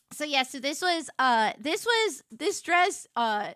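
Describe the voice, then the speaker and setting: A woman streamer telling a story to her live chat, animated and quick to get loud when excited. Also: high voice, no echo, studio quality.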